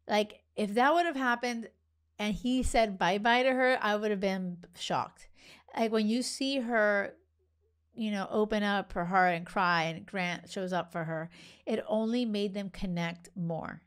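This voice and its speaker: A woman hosting a casual podcast, talking chattily with lots of fillers and the odd laugh, giving dating advice. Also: mid-range voice. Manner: animated, lots of "like", laughs often.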